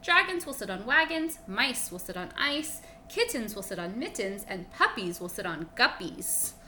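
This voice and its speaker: A woman's voice: medium pitch, very animated, moderate pace, sharp tone, a little hiss or hum. A woman voicing a bossy, rule-changing frog from a picture book, speaking in a sing-song rhyming way.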